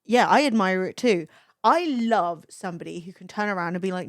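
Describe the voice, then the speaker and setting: A young adult woman chatting on a livestream, swearing freely and reacting with quick laughs as she reads chat. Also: mid-range voice, expressive, dry recording, clean studio sound. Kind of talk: casual stream chat, reading chat aloud.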